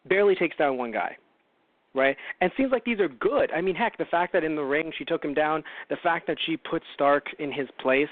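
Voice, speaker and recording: A man's voice: a little high, dry recording. A man hosting a casual movie review show, rambling and correcting himself with wry asides. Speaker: podcast host. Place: home. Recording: tinny phone-line call-in audio.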